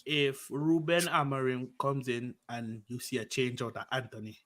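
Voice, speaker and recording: A man chatting about football on a casual live stream with a laid-back, drawn-out delivery. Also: medium pitch, flat delivery, a bit bright. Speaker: football fan panelist.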